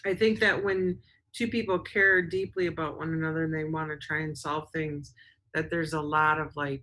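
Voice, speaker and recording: Female co-host, earnest, low pitch, bright sharp tone. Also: fairly even intonation, normal speed, poor audio. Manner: earnest, reads out viewer comments. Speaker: show co-host. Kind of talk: casual advice talk.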